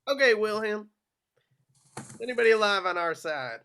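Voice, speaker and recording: A man's voice: high voice, animated, normal speed, bright, forceful tone, clean tone, full character voice. A man reading the part of a brash American officer in an amateur script reading, drawling and coaxing.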